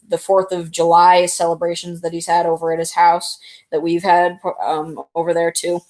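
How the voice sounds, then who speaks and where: Woman streaming, casual rambly chat to viewers, kinda low voice. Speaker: live streamer.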